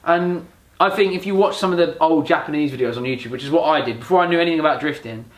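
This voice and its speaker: A man talks fast and animatedly as a podcast guest, slipping into the voices of the people in his stories. His voice sits a little high. The recording has a roomy echo to it. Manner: animated storyteller who acts out quoted dialogue. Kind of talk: casual podcast chat.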